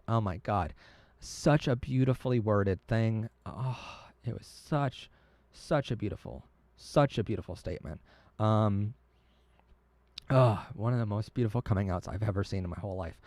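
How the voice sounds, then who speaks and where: A man's voice: fairly low pitch, moderate pace, darkish tone, no echo. A man hosting a live stream, talking earnestly and emotionally, often stumbling and restarting his words. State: tearing up. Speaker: livestream host.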